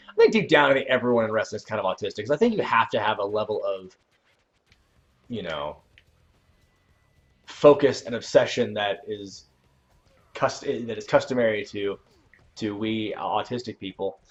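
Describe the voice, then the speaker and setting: A man hosting a casual livestream, chatting while he plays a video game. He rambles and corrects himself, and breaks into sudden loud outbursts at the game. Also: on the low side, lo-fi sound. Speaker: channel host.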